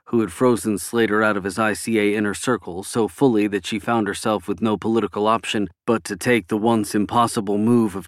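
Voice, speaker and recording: A man narrating a political novel in a measured, even reading. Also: fairly low pitch, dry recording, studio quality. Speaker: audiobook narrator. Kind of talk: scripted narration.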